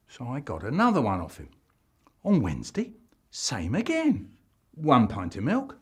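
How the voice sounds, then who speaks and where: A man's voice: medium pitch, wildly swooping pitch, a little slow, husky. A man telling comic stories in a playful, exaggerated way. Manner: exaggerated, playful, does funny voices. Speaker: storyteller. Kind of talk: animated comic storytelling, remixed clips.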